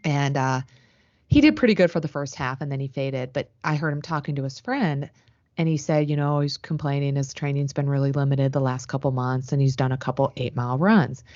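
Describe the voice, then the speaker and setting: A woman's voice: a bass voice, fairly even intonation, a little fast, darkish tone, dry recording, muffled recording. A woman co-hosting a podcast in casual chat, steadily explaining coaching tips. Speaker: podcast co-host.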